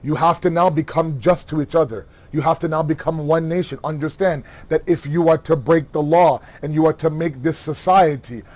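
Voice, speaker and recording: A man giving a religious lecture, animated, asking rhetorical questions and acting out everyday dialogue. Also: a little high, normal speed, hardly any pauses. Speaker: Muharram lecturer.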